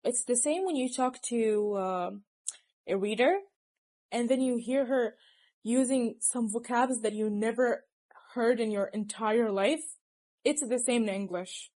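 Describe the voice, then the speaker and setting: A woman's voice: fairly high pitch, warm tone. A young woman who speaks natively, giving casual, teasing study advice to her viewers and laughing often. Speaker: language tips presenter.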